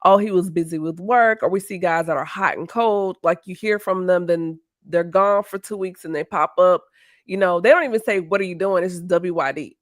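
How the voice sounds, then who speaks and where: A woman with a somewhat low voice hosts a casual podcast interview. She reacts with emphasis and steers the talk forward. The recording is dry, with little room sound. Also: moderate pace, no echo. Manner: reacts emphatically, guides the conversation. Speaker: podcast host.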